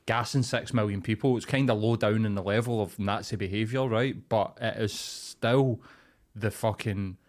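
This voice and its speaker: A low-voiced man rants bluntly through a casual podcast chat. He swears freely and talks in a loose, sweary flow. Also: fairly even intonation, moderate pace. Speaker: podcast host.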